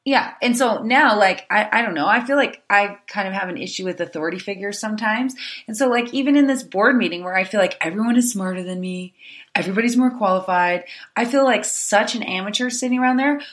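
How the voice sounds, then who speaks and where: A young adult woman co-hosting a podcast, chatting in a lively, animated way with lots of restarts. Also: mid-range voice, brisk. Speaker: podcast co-host. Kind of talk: casual chat.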